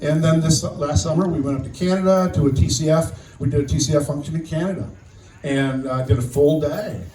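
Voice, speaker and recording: An older man giving a memorial speech as guest speaker, telling a personal story in a halting way, often repeating words. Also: on the high side, fairly even intonation, warm tone. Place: outdoor memorial gathering. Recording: distant echoey sound with faint noise.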